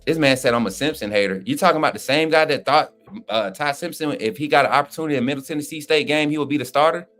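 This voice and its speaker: A man's voice: on the high side, fast talker, fairly bright tone, soft background music. A man co-hosting a livestream, talking sports in a fired-up, slangy, trash-talking way while reading chat. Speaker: livestream co-host. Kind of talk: casual fired-up sports talk.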